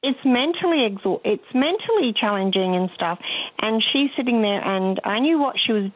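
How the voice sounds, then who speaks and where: A woman's voice: fairly high pitch, animated, normal speed. Older woman on a phone line. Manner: chatty, rambling storyteller. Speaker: caller. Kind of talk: phone-in chat.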